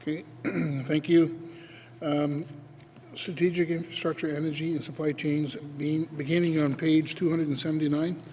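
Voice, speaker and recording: A man chairing a committee meeting, calling on speakers in a flat, procedural manner. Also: a little high, moderate pace, a little hiss or hum, rough recording. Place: legislative chamber.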